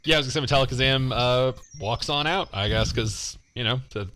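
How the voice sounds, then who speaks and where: Chill guy playing over a call, bright voice, just chatting. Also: mid-range voice, fairly quick. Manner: easygoing, chatty. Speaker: player. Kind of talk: casual tabletop banter.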